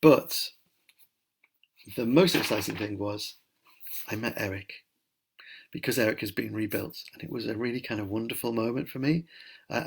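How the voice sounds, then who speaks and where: Middle-aged male author for a home live Q&A, gravelly, rambling and keen. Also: mid-range voice. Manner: chatty, enthusiastic, rambling. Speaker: children's author answering reader questions. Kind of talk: casual live Q&A. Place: at home during lockdown.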